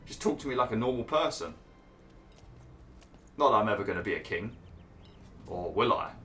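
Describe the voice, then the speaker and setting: A man's voice: on the low side, lively intonation, moderate pace, bright, forceful tone, soft background music. A man giving casual gameplay commentary in a cheeky, blunt, chatty way. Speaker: gaming video host.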